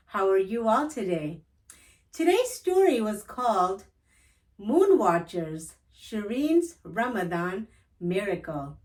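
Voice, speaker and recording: A woman reading a children's picture book aloud in a gentle, clear storytelling manner, hosting her own storytime. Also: mid-range voice, sing-song, slow. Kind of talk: children's read-aloud narration.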